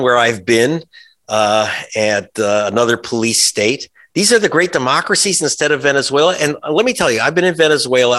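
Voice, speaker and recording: A man's voice: medium pitch, bright, forceful tone. A man, a journalist guest in an interview, talking in an emphatic, sarcastic way with many restarts and asides. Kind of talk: conversational interview.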